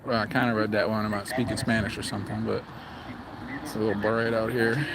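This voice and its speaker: A man's voice: fairly low pitch, level tone, fast, crowd noise, rough recording. A man doing a casual livestream outdoors, talking in a blunt, profane, rambling way. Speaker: livestream vlogger. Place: outdoors in a public area.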